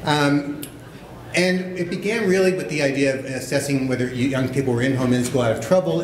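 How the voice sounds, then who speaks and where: Joking male conference speaker, echoey room. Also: mid-range voice. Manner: joking, self-deprecating, conversational. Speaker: conference panelist, evaluator. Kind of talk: conference talk with jokes. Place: large conference room with audience. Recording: echoey room, background noise. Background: audience laughter.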